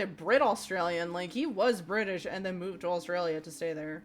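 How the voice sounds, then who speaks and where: A fairly low-pitched woman streamer talks casually while she plays, cursing freely and blurting out reactions to the game. Faint game music runs underneath her voice. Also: moderate pace, few pauses. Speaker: livestreamer. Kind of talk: casual game livestream, reading chat.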